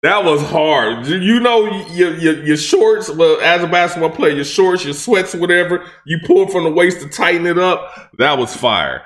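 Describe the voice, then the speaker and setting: A man with a somewhat high voice gives casual commentary on battle rap in loose, slangy speech. He repeats phrases, restarts his thoughts, and chuckles at the lines he likes. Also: animated, moderate pace, a bit bright. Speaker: reaction channel host.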